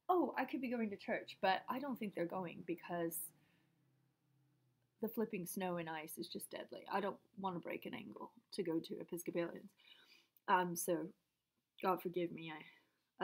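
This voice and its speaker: A woman's voice: on the low side, moderate pace. Woman vlogger with a stuffy head cold, rambling read-aloud with offhand asides. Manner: drifts between reading aloud and chatty asides. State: congested from a cold. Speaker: vlogger reading her father's papers. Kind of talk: casual rambling talk and reading aloud.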